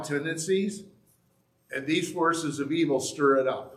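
A man's voice: fairly high pitch, steady tone, a little slow, fairly bright tone, echoey room. A man, a pastor, preaching a sermon in a conversational, earnest way, teaching from the Bible.

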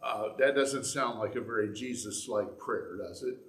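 A man's voice: lowish voice, normal speed, fairly bright tone, roomy sound. A man, a pastor, preaching a sermon in a conversational, earnest way, teaching from the Bible.

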